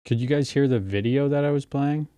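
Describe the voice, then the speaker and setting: A man's voice: medium pitch, brisk, mellow, clear, resonant tone, no room sound. A man hosting a casual livestream, chatting loosely with callers and swearing freely. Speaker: livestream host.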